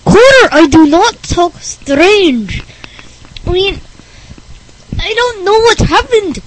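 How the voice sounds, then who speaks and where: A male speaker voicing a nerdy, clingy boy who insists he talks normally, high and strained. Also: big pitch swings, slow pace, full character voice, rough recording. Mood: defensive.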